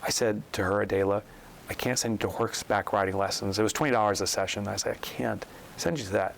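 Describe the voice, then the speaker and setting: Man, guest storyteller, animated, voices the people he quotes, mid pitch. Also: quick pace, vocal fry, slight background noise, rough recording. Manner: animated storyteller acting out quotes, rising sharply when incredulous. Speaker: guest, author and business coach. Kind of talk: storytelling in a podcast interview.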